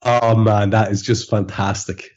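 A low-voiced man talks with dry, amused wit, chatting loosely with his co-hosts. His voice comes through a dull, lo-fi podcast recording. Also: flat delivery, a little slow, a little mellow. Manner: wry, amused commentary. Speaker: podcast co-host. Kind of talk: casual chat.

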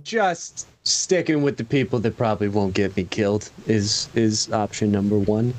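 A man's voice: lowish voice, moderate pace. A man playing a tabletop game, describing his character's actions in a casual, laughing way. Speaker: player. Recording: faint background noise.

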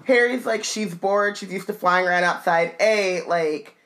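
A woman's voice: mid-range voice, measured pace, a bit bright. A woman co-hosting a podcast, chatting playfully and animatedly with casual slang, and she is cold. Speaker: podcast co-host. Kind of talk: casual chat.

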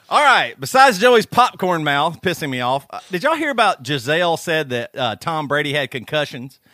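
Podcast co-host, male, high bright voice, animated ranting storyteller, dry mic. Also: moderate pace, few pauses, no room sound. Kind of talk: casual chat. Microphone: studio microphone.

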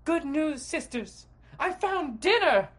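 A man's voice: very high-pitched, very animated, slow, voice pushed up, full character voice. A man voicing an alluring young woman who lures a guest home, sweet and inviting. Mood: gleeful.

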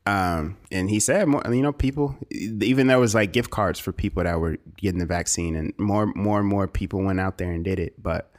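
A man's voice: sits low, normal speed. Laid-back, rambling male podcast co-host. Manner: laid-back, rambling, frequent laughs and fillers. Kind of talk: casual chat.

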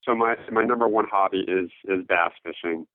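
Interview guest: man on a phone line, lowish voice, halting and full of fillers. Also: no echo. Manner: halting, many fillers and restarts. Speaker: interview guest, note investor. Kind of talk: casual interview talk.

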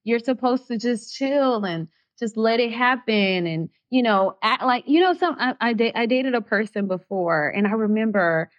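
Woman opening up in an interview, pretty high voice, gets lively and heartfelt, kinda muffled audio. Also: moderate pace, few pauses. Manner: expressive and heartfelt, voice rising when excited. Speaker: actress guest. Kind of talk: candid podcast interview.

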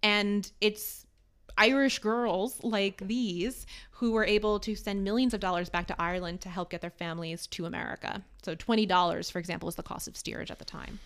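Woman podcast host, chatty and wry, storytelling, normal pitch. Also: fairly quick. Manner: chatty, animated, wry asides. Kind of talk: casual storytelling chat.

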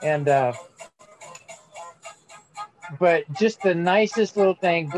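High-voiced man reacting in casual chat. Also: soft background music, rough recording. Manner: chimes in with quick reactions and jokes.

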